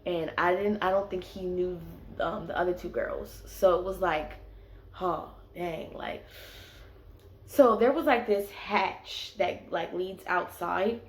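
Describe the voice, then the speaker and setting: A young woman tells a story at an unhurried pace. Her voice sits a little low, and she keeps dropping in "like" as she goes. The room around her is echoey. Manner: chatty, leans on "like" as filler. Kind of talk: casual storytime vlog.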